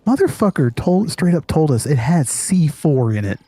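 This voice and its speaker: A man's voice: on the high side, big pitch swings, moderate pace, mellow, no echo. A man hosting a gaming channel, telling a story casually, laughing often and swearing freely. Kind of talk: casual storytelling over gameplay.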